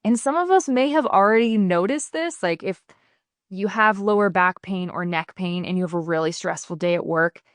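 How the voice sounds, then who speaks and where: A woman's voice: medium pitch, normal speed, no room sound, clean studio sound. A woman speaking as a podcast guest, explaining her bodywork practice in an earnest, casual way and acting out the people she quotes. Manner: earnest, explanatory, animated when quoting people. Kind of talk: casual interview talk.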